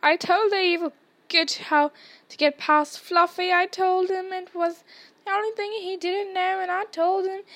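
A woman voicing a giant, soft-hearted male groundskeeper with rough, dialect-flavoured speech. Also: very high voice, no room sound, pitched above the performer's own voice.

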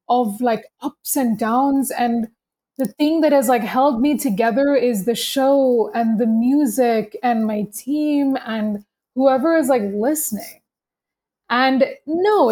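A young woman speaks candidly and emphatically as a podcast guest. Her voice sits a little high. She fills her talk with "like" and restarts. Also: darkish tone. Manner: emphatic, candid, heavy use of "like". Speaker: podcast guest, podcast host and business owner.

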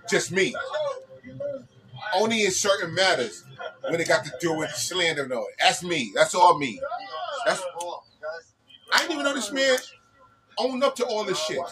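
A man hosting a casual reaction chat, excitable and swearing heavily with loud outbursts. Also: high voice, normal speed, pauses often, a crowd in the background, low-quality recording. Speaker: reaction video host. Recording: music playing behind. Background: music.

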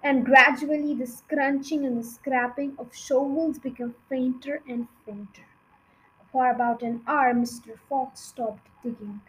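A woman reading a children's book aloud in an expressive, dramatic way. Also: high-pitched, a little slow, slight background noise, low-quality recording. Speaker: reader.

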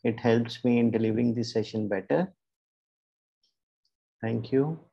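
A man coaching a group through a guided meditation, giving slow, soothing, repetitive relaxation cues over an online call. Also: mid-range voice, gravelly, warm tone, slightly rough, lo-fi sound. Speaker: life coach leading a guided relaxation session.

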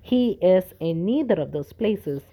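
Brief: woman reading as a stolid little priest in a storybook, calm, small and dull-toned. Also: on the low side, a little slow, breathy edge, heavily acted. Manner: quiet, small colourless voice. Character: short, stolid little male priest, quiet and dull-voiced.

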